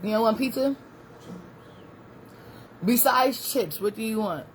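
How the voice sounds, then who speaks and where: A woman's voice: fairly high pitch, measured pace, a little hiss or hum, rough recording. Chatty woman live-streaming at home. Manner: chatty, rambling, talks to viewers and a small child. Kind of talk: casual live-stream chat.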